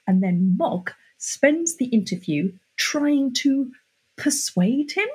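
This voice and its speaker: A woman's voice: high voice, lively intonation, slow pace, darkish tone, slightly rough. A woman podcast co-host, chatting casually in an exasperated, sarcastic way. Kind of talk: casual chat.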